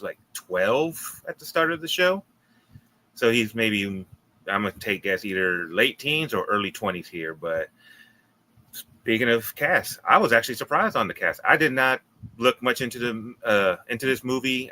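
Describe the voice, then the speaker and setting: A man's voice: lowish voice, bright, forceful tone, low-quality recording. A man co-hosting a podcast, reviewing a movie in enthusiastic, rambling casual chat with plenty of fillers. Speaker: podcast co-host.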